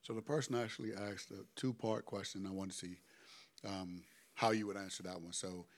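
Man, moderator, hesitant, low pitch, careful phrasing. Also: fairly even intonation, normal speed. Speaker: question moderator.

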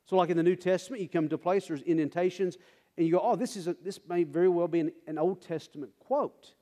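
A man preaching a sermon, animated and direct with his congregation, repeating phrases for emphasis. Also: high voice, quick pace, long reverb tail. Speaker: pastor.

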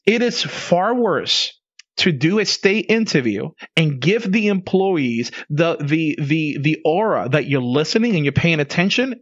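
A man's voice: fairly high pitch, fairly bright tone, no echo, lo-fi sound. A man co-hosting a casual conversation podcast, talking emphatically and laughing often. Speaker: podcast co-host.

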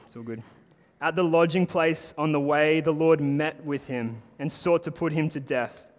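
Conversational preacher in a reverberant hall. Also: male voice, a little high. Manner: conversational, animated preaching with lots of "like". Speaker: pastor. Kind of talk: sermon.

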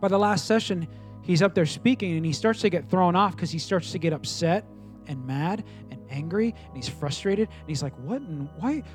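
Animated male pastor telling stories. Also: high-pitched, normal speed, faint music behind. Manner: animated storytelling, voices quoted people. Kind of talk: sermon with acted-out anecdotes.

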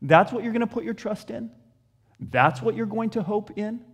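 A man's voice: sits high, moderate pace, breathy edge. A man preaching a sermon on scripture in an emphatic, questioning way.

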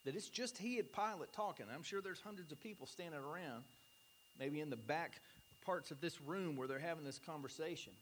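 Man, pastor, sermon, emphatic, slightly high-pitched, faint background hum. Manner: earnest, emphatic, slows down for key points.

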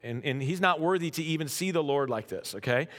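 A man's voice: a little high, expressive, a little fast, a bit bright. A man preaching a conversational sermon as pastor, often restarting words and checking in with "right?".

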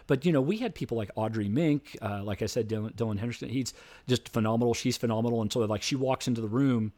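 Middle-aged male debate coach, lively storyteller who acts out voices, mid pitch. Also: quick pace. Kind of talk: storytelling interview.

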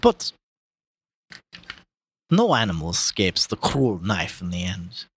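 A man's voice: sing-song, slow, fairly bright tone, breathy edge, full character voice. A man voicing an old male boar who rallies the farm animals with fiery speeches, in a put-on Russian accent, reading for comedy. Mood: mournful. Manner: booming speechmaking, slips out of character into laughter. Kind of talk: comic dramatic reading.

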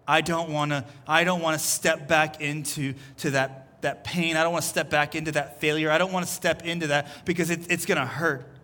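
A man's voice: a little high, steady tone, fairly quick, few pauses, pushed and bright. A man preaching a sermon as pastor, earnest and repeating his phrases as he builds each point. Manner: earnest, repeats phrases, voices Jesus in quotes. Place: church service.

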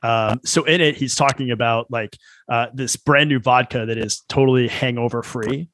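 A man's voice: mid-range voice, fairly even intonation, normal speed, a bit bright, no room sound. A man talks through a laid-back conversation in an easygoing, reflective way and drops casual swears. His mid-range voice sounds dry and close, with little room around it. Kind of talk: casual chat.

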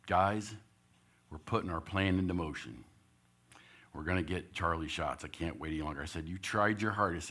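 A man, a church elder, telling a lively story in a sermon and acting out his own lines. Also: low voice.

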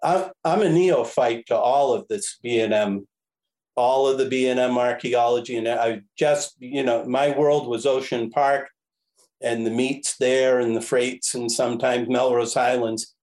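Guest storyteller: a man, mid-pitch, animated and rambling, self-correcting with chuckles. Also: measured pace, rough recording. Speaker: podcast guest, railroad history enthusiast. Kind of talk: casual anecdotal storytelling.

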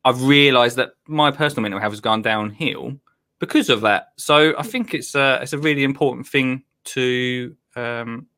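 Chatty podcast guy, bright voice, rambles and laughs a lot. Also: mid-range voice, normal speed. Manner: rambling, laughs easily, chummy. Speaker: podcast host. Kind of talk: casual chat.

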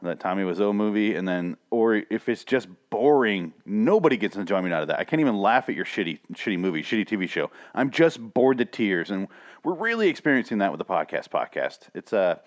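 Low-voiced profane podcast man. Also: fairly quick. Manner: blunt, profane, animated retellings. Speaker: podcast co-host. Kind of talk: casual chat.

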